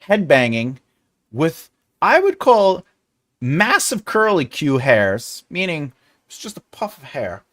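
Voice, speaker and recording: A man's voice: fairly high pitch, wildly swooping pitch, takes it slowly, a bit bright. A man in his forties, host of a casual live chat with his viewers, rambling and jokey and often laughing. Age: 40s. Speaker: livestream host.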